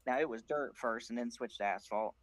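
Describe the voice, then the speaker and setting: A man's voice: medium pitch, brisk, no echo, poor audio. A man from South Carolina, a racing crew chief, telling stories as a podcast guest with a plainspoken, dry humor. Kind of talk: casual podcast chat.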